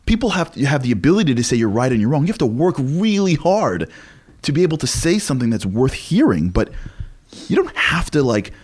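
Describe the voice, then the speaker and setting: A man in his forties, a lecturer speaking as a guest in an interview, telling stories in an animated way with frequent restarts. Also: medium pitch. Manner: animated, fast, with many restarts. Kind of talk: conversational storytelling interview.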